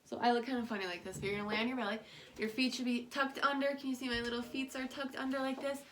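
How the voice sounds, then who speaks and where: Young woman, kids' yoga teacher, higher voice, encouraging, simple words. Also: steady tone, rapid-fire, noisy background. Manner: playful, encouraging, speaks simply to children. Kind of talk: guided kids' yoga lesson.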